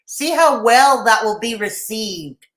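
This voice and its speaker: A woman's voice: on the high side, lively intonation, slow, fairly bright tone, roomy sound, low-quality recording. A woman hosting a reaction stream, talking back to a clip with sarcastic, profane asides and chatting with viewers. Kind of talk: casual reaction commentary.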